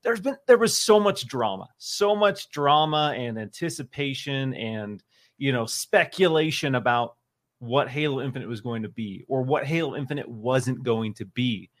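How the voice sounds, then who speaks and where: A man's voice: mid-range voice, lively intonation, moderate pace. A man co-hosting a live gaming show, talking emphatically and repeating phrases for effect. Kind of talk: casual live-stream chat.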